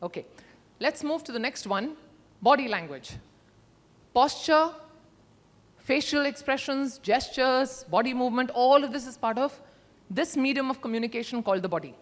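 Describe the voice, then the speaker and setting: A middle-aged woman, giving an interactive workshop talk at a conference, emphatic and expressive, using her voice to demonstrate. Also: sits high, normal speed, pauses often. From India. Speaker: conference speaker. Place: large conference hall. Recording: long hall reverb.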